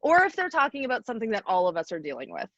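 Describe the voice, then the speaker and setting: A young adult woman chatting casually on a podcast, pitching ideas and laughing often. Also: wildly swooping pitch, rapid-fire, a bit bright, no room sound, dull audio.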